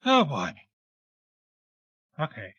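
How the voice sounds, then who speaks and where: A man's voice: on the high side, huge pitch swings, very slow, a bit bright, husky, dry recording. A man playing in a tabletop game, thinking aloud hesitantly in casual talk. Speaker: player. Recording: dull lo-fi mic.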